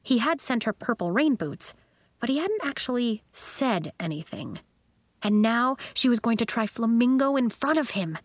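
A woman narrating a children's story in an expressive storytelling manner. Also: on the high side, moderate pace, no room sound. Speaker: audiobook narrator.

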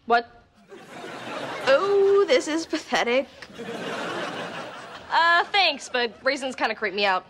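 An actress playing a confident teenage professional fighter who speaks bluntly and matter-of-factly, in a sitcom. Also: female voice, high-pitched, animated, slow pace, long pauses, background noise. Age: teens. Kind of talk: sitcom acting.

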